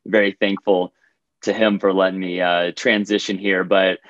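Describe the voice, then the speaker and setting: A man, a professional runner, answering interview questions candidly in a halting way, heard over a remote call. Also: deep voice, level tone, no echo, highs cut off. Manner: candid, halting, with many restarts. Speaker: podcast guest, professional runner.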